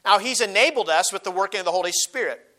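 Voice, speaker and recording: A man with a high, bright voice preaches a sermon. He reads old scripture verses and presses his points by repeating them. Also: fast talker. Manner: emphatic, repeats key phrases, quotes King James scripture.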